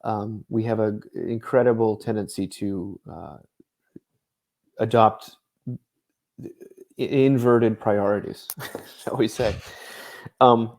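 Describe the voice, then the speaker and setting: A man's voice: on the low side, steady tone, takes it slowly, long pauses, darkish tone. A man appearing as an author guest in an interview, explaining ideas thoughtfully at length and laughing lightly in the middle of his thoughts. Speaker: author and ministry director, guest. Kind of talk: conversational interview.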